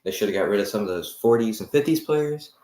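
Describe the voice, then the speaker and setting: A young man co-hosting a casual sports podcast, energetic and running the segments. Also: lowish voice, fast. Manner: energetic, runs the segments, lets out loud whoops. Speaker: podcast co-host. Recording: echoey room.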